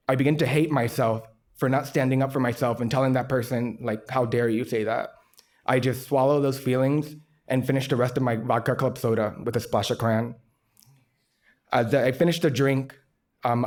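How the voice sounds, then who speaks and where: A man's voice: mid-range voice, a little mellow. A man telling a true personal story on stage in a candid, self-deprecating way with a wry humor.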